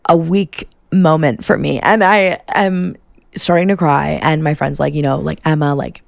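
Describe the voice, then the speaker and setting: Gravelly-voiced woman telling a wild story. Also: low voice, unhurried, no echo, studio quality. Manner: profane, valley-girl filler "like". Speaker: podcast host. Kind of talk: casual storytelling.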